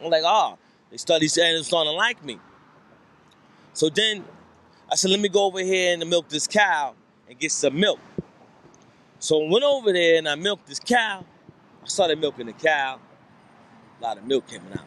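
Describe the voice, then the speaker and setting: A man's voice: fairly high pitch, moderate pace, long pauses, a bit bright. A man doing stand-up, telling a rambling story with repeated lines and voiced quotes. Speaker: stand-up comedian. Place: comedy club stage.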